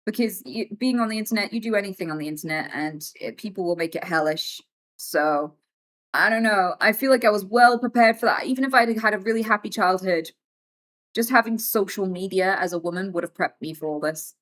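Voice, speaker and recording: A woman's voice: medium pitch, a little fast, a bit bright. A young woman streamer in casual livestream chat, talking in a blunt, frank and exasperated way.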